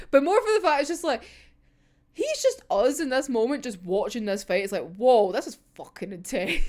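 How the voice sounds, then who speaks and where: Young woman fangirling over manga pages, swears a lot, giggles, high voice that jumps all over. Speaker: manga reviewer. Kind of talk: casual fan commentary.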